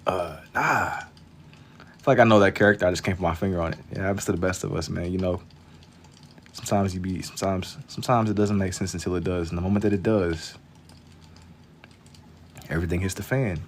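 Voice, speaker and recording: Chill young dude drawing on a late night stream, deep voice, slangy and low-key, faint hiss behind. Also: male voice, fairly even intonation, fairly quick, long pauses. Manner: laid-back, slangy, kept quiet for late night. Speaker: live-stream artist. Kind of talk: casual chat with viewers while drawing.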